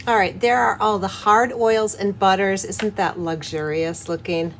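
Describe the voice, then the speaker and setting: Soft background music plays as a middle-aged woman hosts a soap-making tutorial, talking through every step as she works. Her mid-range voice is steady and measured, and her manner is cheerful and chatty with gentle laughs.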